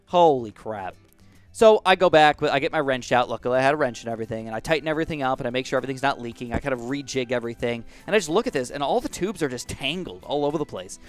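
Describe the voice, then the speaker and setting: A man's voice: mid-range voice, animated, racing, hardly any pauses, soft background music. A man in his twenties chatting casually over gameplay, rambling through a story and acting out what people said. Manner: chatty, rambling anecdotes with acted-out quotes. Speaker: gaming YouTuber.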